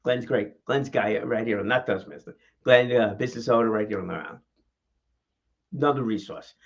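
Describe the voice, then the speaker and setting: Host, male, mid-pitch, animated vlog delivery with rhetorical questions, lo-fi camera audio. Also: moderate pace, gravelly. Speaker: vlog host and speaking coach. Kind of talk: casual talking-head vlog. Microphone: camera mic.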